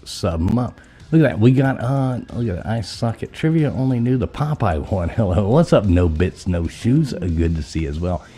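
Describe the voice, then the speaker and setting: A man's voice: on the low side, expressive, normal speed, mellow, slightly rough. A man hosting a casual live stream, chatty and loose, swearing casually, his voice scratchy from being sick.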